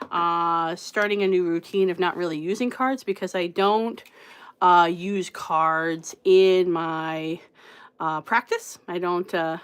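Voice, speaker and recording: A friendly woman in her thirties hosts a live stream from a room at home, talking into a desk mic. She chats loosely with viewers, greeting each one by name, and laughs often. Her voice sits at a middle pitch for a woman. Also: a bit bright, smooth. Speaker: psychic livestream host. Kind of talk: casual livestream chat greeting viewers. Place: home room with card decks on shelves behind.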